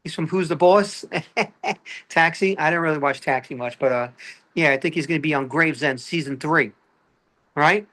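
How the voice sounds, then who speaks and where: A man with a Brooklyn accent doing a stand-up comedy routine, animated and chatty, peppering his talk with "all right" as he addresses the audience. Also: a little high, moderate pace, pauses often. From Brooklyn, New York.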